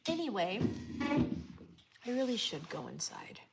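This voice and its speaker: A woman's voice: medium pitch, huge pitch swings, a little slow, creaky, very noisy. A woman livestreaming casually outdoors, reading chat and talking to viewers, often dropping into whispers and bursting into laughs. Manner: chatty, drops to whispers and laughs.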